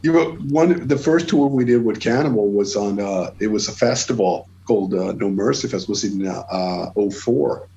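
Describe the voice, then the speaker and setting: A man's voice: fairly low pitch, normal speed, gravelly, hardly any pauses, lo-fi sound. A Swedish man speaking English with a Swedish accent, a guest chatting on a podcast, telling stories with plenty of swearing and restarts. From Sweden. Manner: swears freely, many restarts, animated storytelling. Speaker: guest musician. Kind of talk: casual podcast chat.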